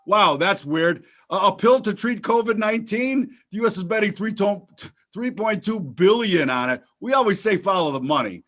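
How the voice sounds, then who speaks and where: A man hosting a casual show about the markets, with a bright, slightly high voice. He jokes freely and rambles, stacking fillers and restarts. His delivery is loose and conversational. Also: lively intonation, normal speed, faint music behind. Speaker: podcast host.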